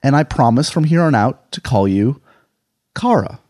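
A man's voice: medium pitch, expressive, moderate pace, warm tone, dry recording, clean studio sound. A man with a New York accent hosting a podcast, talking in a rambling, self-deprecating, chatty way. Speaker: podcast host. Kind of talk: casual podcast monologue.

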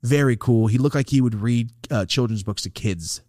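A man's voice: mid-range voice, normal speed, no room sound, clean studio sound. A man casually telling a rambling, profane story as a podcast host, acting out the quotes. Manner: profane, rambling, animated retelling with acted-out quotes.

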